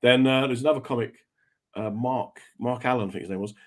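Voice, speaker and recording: A male host trades road stories in a relaxed radio chat. His pitch sits in an ordinary middle range, and he slips into other people's voices when quoting them. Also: a little fast. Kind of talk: casual chat, telling stories.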